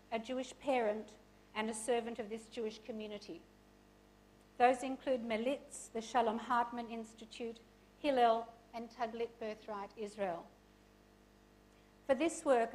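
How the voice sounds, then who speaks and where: A woman's voice: fairly high pitch, a little hiss or hum, low-quality recording. A woman hosting an event, reading a formal, earnest introduction of the guest speaker.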